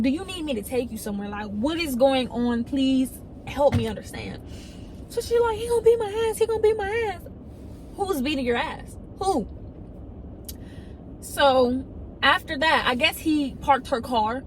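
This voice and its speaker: Young woman, high-pitched, lively storytime, light background noise. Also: poor audio. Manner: animated storytelling, quoting others in excited high voices. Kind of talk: casual storytime.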